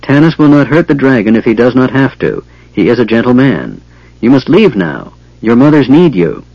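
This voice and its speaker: A man's voice: mid-range voice, very animated, moderate pace, gravelly, dry recording, muffled recording. A man voicing a young chieftain's daughter, speaking in a stern, commanding way.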